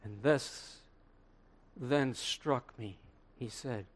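An actor playing an aged male apostle, preaching a first-person dramatic sermon monologue in a slow, earnest way with dramatic pauses. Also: medium pitch. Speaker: preacher in character. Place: room with listeners.

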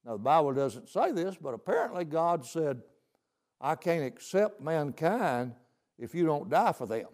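A man's voice: fairly high pitch, sing-song, a little slow, darkish tone. A male preacher delivering a folksy sermon, often asking "See?".

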